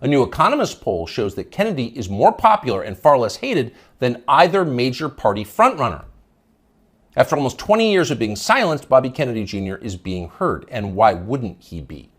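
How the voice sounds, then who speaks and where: A man's voice: mid-range voice, very animated, moderate pace, a bit bright, slightly rough. A man hosting a news commentary show, delivering a scornful, emphatic opinion monologue.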